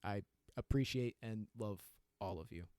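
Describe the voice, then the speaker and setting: A young adult man hosts his own podcast, ranting solo with candor and self-deprecating humor and frequently laughing. His voice is fairly low, mellow, and moderately paced, with no echo.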